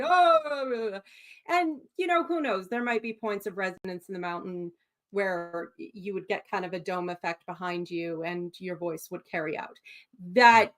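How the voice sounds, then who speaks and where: A woman's voice: mid-range voice, a bit bright. Thoughtful woman musing in casual chat. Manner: thoughtful, musing, many restarts. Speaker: discussion panelist.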